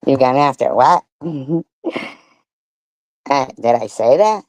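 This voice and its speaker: A woman's voice: low-pitched, big pitch swings, unhurried, pauses often, a little mellow, no room sound. A middle-aged woman hosting a live stream, ranting in a confrontational, profane way, repeating herself and letting out scoffing laughs. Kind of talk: angry live stream rant.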